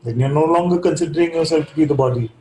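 A man giving a calm, reflective spiritual talk, telling a parable and often checking in with his listeners. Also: on the high side, racing, a little hiss or hum. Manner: calm, reflective, keeps asking "you see?". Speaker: spiritual teacher. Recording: echoey room.

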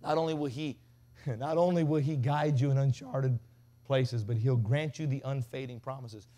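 A man's voice: medium pitch, moderate pace. A man preaching a revival sermon, telling stories in a folksy way and acting out the voices of the people in them. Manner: folksy storyteller, mimics voices, builds to shouting. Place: revival tent.

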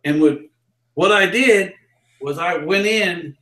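High-voiced man telling a lively story. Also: takes it slowly, reverberant. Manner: lively, acts out the quoted lines. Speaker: interview guest. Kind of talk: animated storytelling in a live interview.

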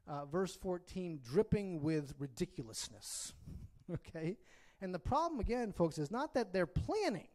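In a church, a man with a high, darkish voice preaches a sermon conversationally, often checking in with his listeners and delivering it expressively.

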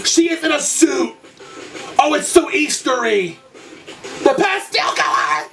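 A young man doing excited reaction commentary, gushing, campy and full of swearing, gasps and shrieks. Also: very high-pitched, slow pace, vocal fry, recorded from a distance. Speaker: YouTube reactor. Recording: music video playing loudly behind. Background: pop music.

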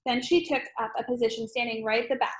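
Brief: woman storybook narrator, fairly high pitch, steady reading. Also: quick pace. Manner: steady reading with some slips and fillers. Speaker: audiobook reader.

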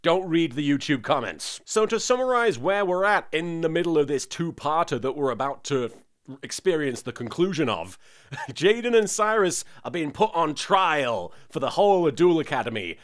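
A man's voice: a little high, very animated. Sarcastic, sweary man. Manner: sarcastic, sweary, quick-witted. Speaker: host, reaction recapper. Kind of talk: comedic episode recap.

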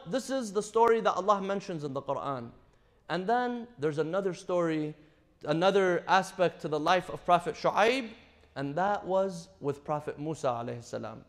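A man giving a Ramadan night sermon, telling a prophet's story and reciting verses between his retellings. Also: high voice. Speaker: imam. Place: mosque or Islamic center.

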